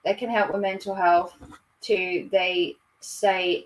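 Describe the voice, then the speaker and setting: Reading viewer comments on a livestream, a woman in her thirties from Norfolk, England chats casually, giggly and self-mocking. Her mid-range voice barely moves in pitch, she speaks slowly, and the mic is at a distance.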